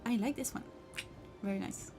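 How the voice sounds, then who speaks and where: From a home craft room, a woman livestreams and chats with her audience, reading out their comments. She sounds encouraging, chatty and prone to giggles, her slightly high, mellow voice keeping a moderate pace over faint music.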